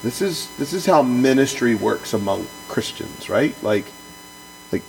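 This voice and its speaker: A man's voice: medium pitch, animated, normal speed, vocal fry, slight background noise, poor audio. A man who is a pastor co-hosting a podcast, reading from a book and then talking it over in an earnest, emphatic way, often restarting and repeating words.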